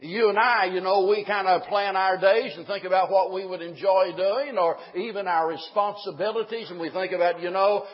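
A man with a high, slightly husky voice delivers a sermon, talking with his congregation in a folksy way. He turns emphatic on key points. The sound is dull, with a long echo. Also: steady tone, moderate pace, hardly any pauses. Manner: folksy, rising to emphatic preaching. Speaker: pastor.

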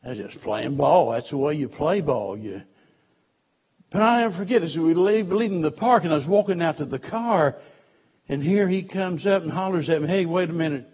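A man preaching a sermon as pastor, telling personal stories and swinging between loud emphasis and hushed, quiet passages. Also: on the high side, animated, normal speed, husky.

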